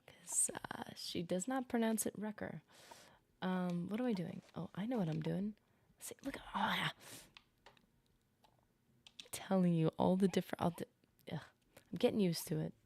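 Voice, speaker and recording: A woman's voice: lowish voice, moderate pace, gravelly, long pauses, darkish tone, no room sound. A woman streaming a game, chatting casually to her viewers as she plays and rambling from topic to topic. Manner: chatty, rambling, talks to chat while playing. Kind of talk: casual live-stream commentary.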